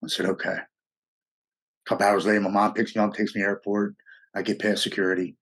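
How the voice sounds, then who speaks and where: Husky-voiced man telling a raw story. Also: lowish voice, level tone, fast talker, fairly bright tone. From United States. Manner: blunt, raw, profane, emotional. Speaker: interview guest. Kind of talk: candid personal storytelling.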